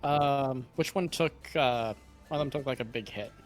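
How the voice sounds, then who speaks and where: A man's voice: medium pitch, moderate pace, faint music behind. A man playing a tabletop game, talking bluntly and swearing freely. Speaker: player. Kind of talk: casual game chat.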